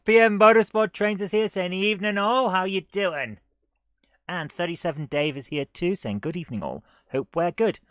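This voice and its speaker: A man with a high, light voice hosts a live gaming stream, chatting in a loose, rambling way. He drops silly rhymes and jokes and laughs often. His voice sounds dry and close, with no room echo. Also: normal speed, a bit bright. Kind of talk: casual live-stream chat.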